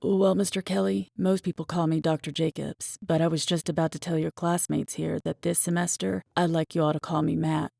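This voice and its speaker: A woman's voice: low-pitched, flat delivery, fairly quick, vocal fry, hardly any pauses, warm tone, no echo, studio quality, exaggerated voice. A woman voicing a kind, distinguished male statistics professor who lectures in an easygoing way. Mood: friendly.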